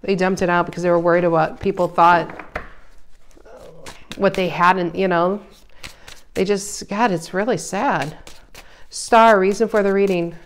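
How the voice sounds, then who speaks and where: A woman giving a casual tarot reading, emphatic and animated, her voice rising loud and dropping soft. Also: lowish voice, unhurried, pauses often, a little hiss or hum. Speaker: tarot reader.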